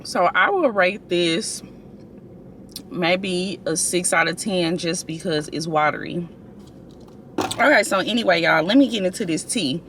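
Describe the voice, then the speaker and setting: Young woman vlogger, bright voice, chatty storyteller, recorded in a car. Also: fairly low pitch, a little slow, pauses often, a little hiss or hum. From St. Louis, USA. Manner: chatty, animated storytelling with many fillers. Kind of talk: casual storytime vlog.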